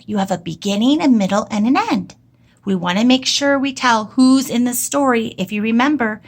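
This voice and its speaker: A woman teacher giving an early-grade writing lesson, talking slowly in a sing-song way and stretching out words for young children. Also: fairly high pitch, creaky.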